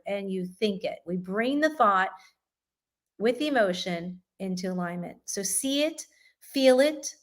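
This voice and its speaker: A woman with a voice of middling pitch guides listeners through a slow breathing meditation. She gives calm, step-by-step instructions and often tags her lines with a quick "right?". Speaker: meditation teacher.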